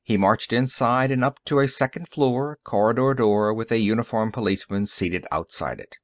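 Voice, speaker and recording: A man narrating an audiobook story in an expressive, varied reading. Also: on the low side, moderate pace, no room sound, clean studio sound. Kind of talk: scripted narration.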